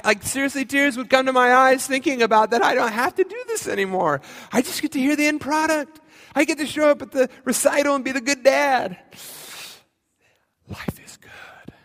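A man's voice: high-pitched, fairly bright tone. A man preaching a conversational sermon as pastor, mixing in self-deprecating humor. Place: church sanctuary. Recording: long reverb of a church hall.

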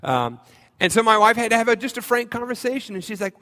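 A man's voice: extremely high pitch, sing-song, fast, pushed and bright. A man preaching a conversational sermon as pastor, mixing in self-deprecating humor. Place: church sanctuary. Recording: long reverb of a church hall.

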